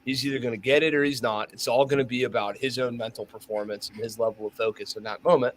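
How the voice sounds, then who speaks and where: A man's voice: mid-range voice, fast, a little hiss or hum. Profane storytelling man on a podcast. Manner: profane, animated storytelling with acted-out voices. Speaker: podcast co-host, firearms instructor. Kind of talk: casual chat.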